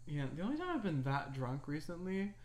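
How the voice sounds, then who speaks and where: A young adult co-host on a chat podcast, telling stories with halting restarts. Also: mid-range voice, big pitch swings, a little mellow. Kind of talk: casual chat.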